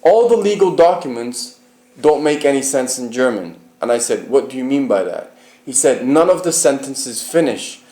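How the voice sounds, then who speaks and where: A man's voice: mid-range voice, expressive, normal speed, warm tone, echoey room. A man from the United Kingdom telling his personal story in an interview, emphatic and profane, often asking the listener whether he is right.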